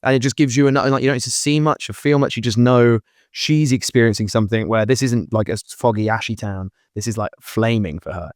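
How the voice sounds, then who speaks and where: A man's voice: medium pitch, steady tone, brisk, no room sound, clean studio sound. A man co-hosting a podcast in casual chat, earnest and rambling as he works through his thoughts. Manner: earnest, rambling, many fillers and restarts. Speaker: podcast co-host. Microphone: podcast mic.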